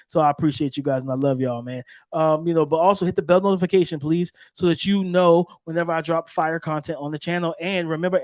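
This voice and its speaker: A man hosting a sports podcast, keyed up and repeating himself as he talks straight to his listeners. His voice sits a little higher than most men's. The sound is dry and close, with no room around it. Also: dry recording. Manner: hyped, repetitive, talking straight to listeners. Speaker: podcast host.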